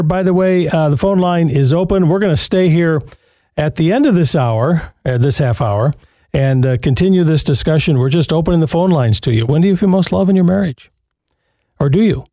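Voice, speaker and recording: A male radio host with a mellow, warm voice, recorded dry and close in the studio. He speaks in an earnest, advising way. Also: medium pitch, dry recording. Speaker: radio talk show host. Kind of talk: radio call-in show hosting.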